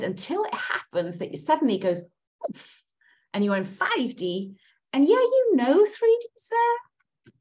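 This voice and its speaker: A woman coach leading a group through tapping, speaking repeated affirmations in a slow, chant-like way. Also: medium pitch.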